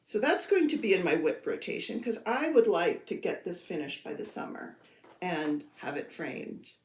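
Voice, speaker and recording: A woman's voice: lowish voice, very animated, normal speed, reverberant, a little hiss or hum. A woman chatting casually about her cross-stitch projects, rambling and poking fun at herself. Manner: chatty, self-deprecating, rambling. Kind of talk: casual show-and-tell chat.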